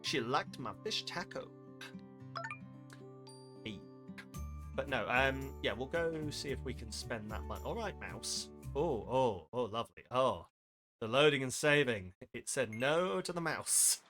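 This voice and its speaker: A man's voice: medium pitch, lively intonation, a little slow, music in the background. A man from near Wales chatting casually while playing a game on stream, muttering a running commentary with jokey self-deprecating asides. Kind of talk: casual live-stream gameplay chat.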